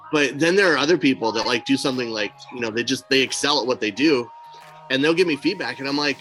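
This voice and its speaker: Over faint background music, a man speaks at a quick pace in a mid-range voice. He co-hosts a casual podcast, narrating stories energetically, acting out the quoted lines, and cursing bluntly on the side.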